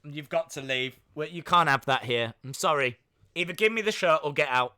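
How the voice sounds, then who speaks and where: A man's voice: fairly high pitch, moderate pace, bright, forceful tone, clear, resonant tone, dry recording, clean studio sound, voice pushed down. A British man playing a stern older woman ordering someone out. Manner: firm, curt.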